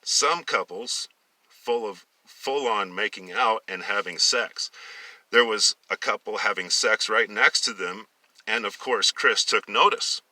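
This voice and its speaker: A man reading a story aloud with a sharp, forceful tone, often tripping over words and starting phrases again. He sits a little away from the mic in a dry, dead-sounding space. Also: on the low side, measured pace, no echo, recorded from a distance, poor audio. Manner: stumbles and restarts, corrects himself. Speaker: story reader.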